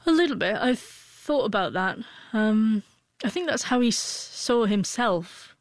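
A woman's voice: a little high, animated, unhurried, dry recording. Woman in her forties who stutters. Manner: stutters, with frequent broken-off sounds and restarts. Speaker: interview guest. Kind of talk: emotional personal storytelling.

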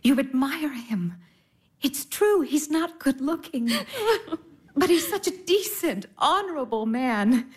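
An actress as a breathy, soothing elder sister. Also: female voice, high-pitched, lively intonation, takes it slowly, darkish tone, exaggerated voice. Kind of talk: classic stage drama.

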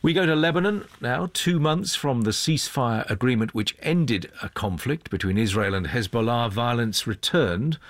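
A man hosting a radio news programme, reading scripted links in a measured, formal broadcast style. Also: medium pitch, expressive, dry recording. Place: radio studio.

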